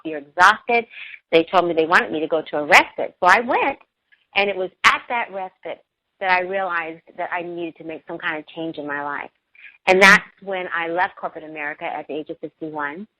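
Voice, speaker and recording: A woman's voice: fairly low pitch, a little fast, no room sound, muffled recording. A middle-aged woman, a radio show guest, telling a personal story in an earnest, emotional way.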